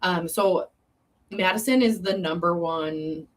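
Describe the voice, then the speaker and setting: A woman's voice: on the low side, takes it slowly. A woman from a local chamber of commerce, speaking in a casual interview with many ums and restarts.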